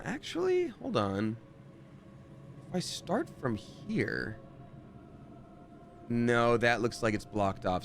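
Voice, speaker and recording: Man, live game streamer, chatty, lively swooping pitch, sudden loud exclamations. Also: a little hiss or hum. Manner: chatty, jumps to loud surprised outbursts. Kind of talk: live gameplay commentary and chat reading.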